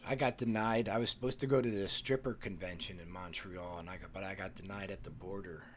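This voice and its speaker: A man's voice: low voice, steady tone, fairly quick, slight background noise. A man, hosting a casual live stream and chatting with viewers in a rambling, profane way, full of fillers and restarts.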